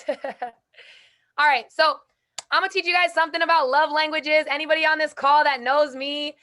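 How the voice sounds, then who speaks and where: A young woman hosting a group call, giving an energetic, emphatic motivational talk with casual slang. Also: sits high, normal speed. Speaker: host speaking to a call group.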